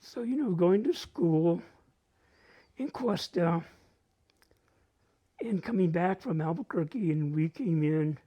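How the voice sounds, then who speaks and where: A man from northern New Mexico with a local accent, telling family stories at a live community open mic, animated and acting out relatives' voices with Spanish phrases mixed in. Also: sits high, slow pace, long pauses, husky. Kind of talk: live personal storytelling. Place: library event space, live.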